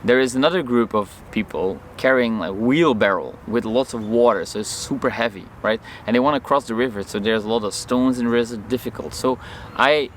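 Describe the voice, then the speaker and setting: A man vlogging outdoors, telling a personal story to camera in an animated way and acting out the lines of people in it. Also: medium pitch, brisk, a little hiss or hum. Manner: animated, acts out his own and others' lines in the story.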